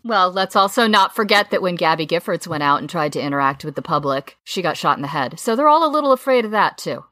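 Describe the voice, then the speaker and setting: A woman's voice: lowish voice, expressive, quick pace, bright, forceful tone, dry recording. A woman co-hosting a casual political podcast, throwing in wry, sarcastic remarks. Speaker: podcast co-host.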